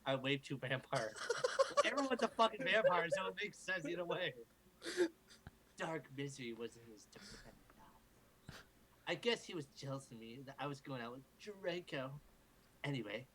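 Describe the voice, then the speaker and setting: A man's voice: on the high side, expressive, normal speed, pushed and bright, a little hiss or hum, rough recording. A man reading fan fiction aloud to a group for laughs, in a mock-dramatic way, stopping to joke and swear. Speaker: group reader. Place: home recording for a livestream.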